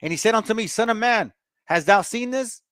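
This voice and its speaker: A man's voice: sits high, a little fast, fairly bright tone, smooth, dry recording. A man giving a casual Bible study: he reads verses aloud, explains them in plain talk and calls his listeners family and fam. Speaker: Bible teacher.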